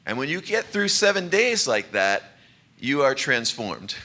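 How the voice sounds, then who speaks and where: A man's voice: mid-range voice, big pitch swings, a little slow, sharp tone. A man giving a sermon as a minister, in a conversational, light way, laughing often. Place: church sanctuary.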